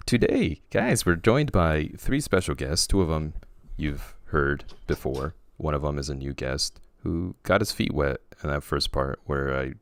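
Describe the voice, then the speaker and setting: A man hosting a casual podcast, teasing his co-host and guests and jumping up in pitch for emphasis. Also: lively intonation, measured pace, few pauses, clear, resonant tone, no echo. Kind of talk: casual chat.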